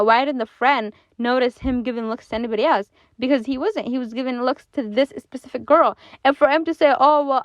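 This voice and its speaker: A woman giving casual commentary on an online story, animated and exasperated, with lots of fillers and restarts. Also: on the high side, no room sound, lo-fi sound.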